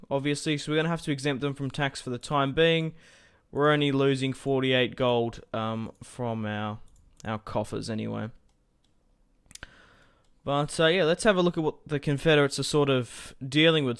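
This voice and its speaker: A man with a smooth, clear voice commentates casually on his own strategy game. He thinks aloud, drifts into asides to his viewers and fills pauses as he goes, speaking close to a desk microphone. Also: medium pitch, fairly bright tone. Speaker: gaming channel host.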